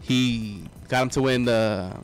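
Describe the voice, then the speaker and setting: A man's voice: mid-range voice, takes it slowly, clean tone. A man co-hosting a soccer fan show, talking bluntly and eagerly about coaches. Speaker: podcast co-host. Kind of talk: casual sports chat.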